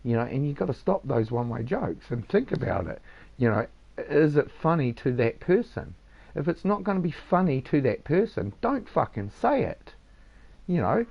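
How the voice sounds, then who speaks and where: Streamer guy, gravelly, lively pitch, rambling and cursing; dull lo-fi audio. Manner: rambling, swears a lot, says "mate". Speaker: game streamer. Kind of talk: casual lecturing chat. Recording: dull lo-fi sound.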